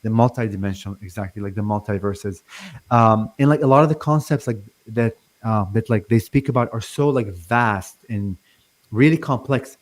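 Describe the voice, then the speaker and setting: A man's voice: on the low side, normal speed. Stuttering middle-aged man from Lebanon. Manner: stutters, many fillers and restarts. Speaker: guest. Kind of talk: casual interview talk.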